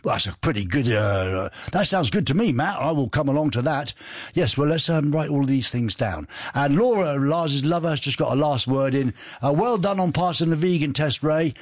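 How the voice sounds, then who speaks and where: A man's voice: on the high side, expressive, normal speed, dry recording, studio quality. A man hosting a radio show in a chatty, rambling, jokey way, reading out listener messages. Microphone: studio microphone.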